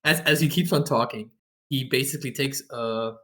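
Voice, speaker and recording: A man's voice: medium pitch, normal speed, a crowd in the background. A man playing a tabletop game, offhand and laughing as he chats. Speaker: player. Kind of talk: casual game chat.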